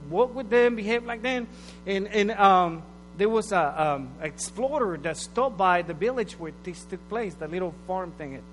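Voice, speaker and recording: A man giving a conversational, storytelling sermon. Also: sits high. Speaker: pastor. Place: church hall. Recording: reverberant hall with mains hum.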